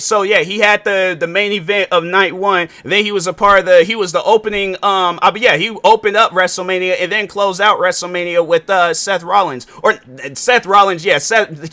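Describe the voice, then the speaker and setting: A young man sits at his podcast mic and talks through a solo episode. He rambles and corrects himself, full of fillers. His voice is bright and forward and sits a bit high for a man. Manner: rambling, animated, self-correcting with many fillers. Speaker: podcast host. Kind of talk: casual solo podcast monologue. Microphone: sitting at a podcast mic.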